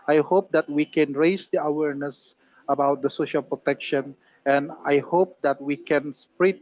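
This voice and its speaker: A man's voice: fairly high pitch, darkish tone. A man giving an earnest, formal practice presentation over a video call. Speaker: workshop participant. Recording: dull dry video-call audio.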